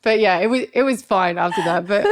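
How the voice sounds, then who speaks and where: A woman in her thirties telling a story as a podcast guest, animated, swearing freely and acting out what others said. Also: medium pitch, fairly quick, a crowd in the background. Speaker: guest, pro wrestler.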